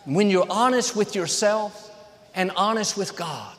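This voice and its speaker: A man's voice: high voice, lively intonation, a little slow, a bit bright, long reverb tail. A man preaching a sermon as a pastor, with an emphatic cadence built on short, repeated phrases.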